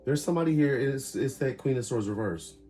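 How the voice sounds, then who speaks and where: A man's voice: medium pitch, lively intonation, fairly quick, warm tone, soft background music. A man giving a casual tarot reading, calling out cards in short emphatic bursts. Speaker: tarot reader.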